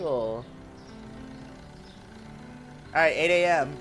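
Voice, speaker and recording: A man's voice: a little high, lively intonation, unhurried, long pauses, a bit bright, faint music behind. A man streaming live, chatting casually and reading out viewer messages, laughing often and teasing himself and his chat.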